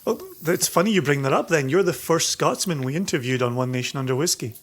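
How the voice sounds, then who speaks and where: A man co-hosts a podcast with a slightly higher voice. He is playful and quick with a joke in relaxed conversation. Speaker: podcast co-host. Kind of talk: casual podcast chat.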